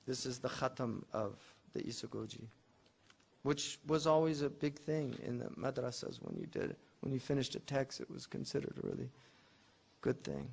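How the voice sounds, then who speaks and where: A man's voice: medium pitch, animated, moderate pace, vocal fry, a little mellow, slightly rough. A man teaching logic as an Islamic scholar, explaining a classical text in a conversational classroom lecture and mixing Arabic terms into his explanations.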